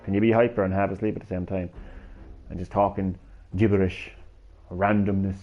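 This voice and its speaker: A man's voice: sits low, little pitch movement, a little fast, soft background music. A man chatting to viewers on a live stream, rambling, stammering and swearing casually as he swings between hyper and drowsy. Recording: slightly dull lo-fi stream audio.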